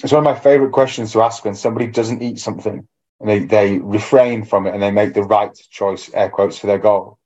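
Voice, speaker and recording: A man with a lowish voice talks over a dull, lo-fi recording. He chats casually on a podcast as a fitness coach. He is reflective and acts out his own inner voice as he goes. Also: steady tone, brisk, darkish tone. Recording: dull lo-fi sound.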